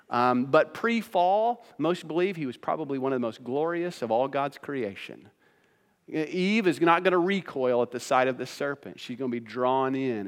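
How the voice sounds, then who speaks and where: Male pastor, high voice, preaching with rhetorical questions, hall reverb. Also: fairly bright tone. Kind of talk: sermon.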